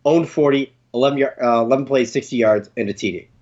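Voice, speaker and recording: A man's voice: medium pitch, fast, darkish tone, lo-fi sound. A man co-hosting a sports stream in casual chat, laughing often and stammering. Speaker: co-host.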